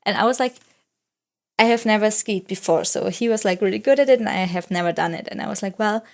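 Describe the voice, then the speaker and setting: Young woman vlogger, English not her first language, rambling casual voice-over, mid pitch. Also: fast. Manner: rambling storytelling, full of "like" fillers; non-native English speaker.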